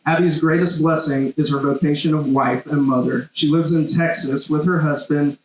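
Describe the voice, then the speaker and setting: A man's voice: on the high side, fairly even intonation, moderate pace. Brief: male emcee, upbeat, scripted intro, slight background hum. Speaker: event emcee. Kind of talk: reading a speaker introduction. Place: large hall. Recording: echoey hall sound.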